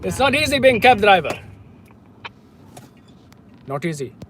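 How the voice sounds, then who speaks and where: A man doing a loud Indian-accented cab driver. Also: high voice, sing-song, unhurried, a little hiss or hum, pitched above the performer's own voice, exaggerated voice, low-quality recording. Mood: complaining. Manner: loud, emphatic put-on accent. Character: tired male New York cab driver.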